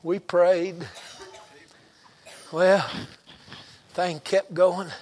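A middle-aged man, a pastor telling stories in a sermon with folksy, colloquial phrasing and bursts of loud emphasis. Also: high-pitched, flat delivery, drawn-out words. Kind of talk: storytelling sermon.

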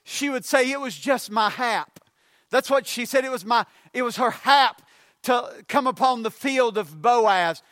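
High-voiced man preaching emphatically. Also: no echo. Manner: emphatic preaching, rising to shouts on key points; repetitive, building cadence. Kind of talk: sermon.

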